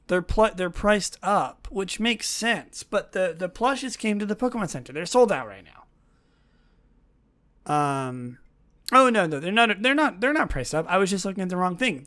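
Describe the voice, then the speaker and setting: A woman hosting a solo podcast, chatting in a gushing, excitable way that often drops into soft whispers. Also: mid-range voice. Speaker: podcast host.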